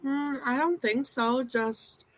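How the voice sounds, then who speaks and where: A woman's voice: sits high, slow, no room sound. A young woman with a Minnesota accent, a race car driver giving brief, easygoing answers in an interview.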